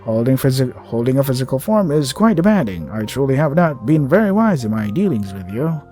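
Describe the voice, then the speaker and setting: A weary, tender old creature with many spindly limbs speaks softly and soothingly, as a man voices it. The tone stays mellow and warm. Faint music plays behind it. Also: medium pitch, sing-song, lightly acted. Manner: slow, soft and soothing. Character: ancient gentle spider-like creature, tender and weary.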